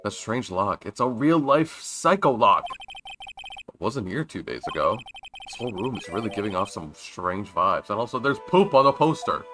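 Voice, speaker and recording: A young man casually chatting while playing a story game, reading its lines aloud and joking loudly between them. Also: on the low side, sing-song, normal speed, over music. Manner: chatty, jokey, reads game lines with loud outbursts. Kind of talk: casual let's-play commentary reading dialogue aloud.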